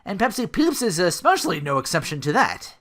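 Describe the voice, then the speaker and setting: A man's voice: sits high, very animated, a little fast, fairly bright tone. Rambling man hosting a solo podcast. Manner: rambling and self-deprecating, trips over his words. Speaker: podcast host. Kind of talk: casual solo podcast monologue.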